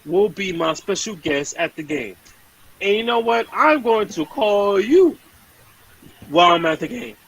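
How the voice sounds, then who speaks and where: A man, trash-talking in heated sports banter on a podcast. His voice sits somewhat high. He hammers points home by repeating himself. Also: gravelly, fairly bright tone, slightly rough, poor audio. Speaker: podcast co-host.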